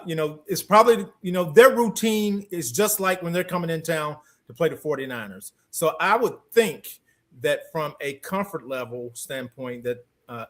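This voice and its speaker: A man on a sports talk radio show, giving measured analysis of a championship game. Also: on the high side, fairly bright tone.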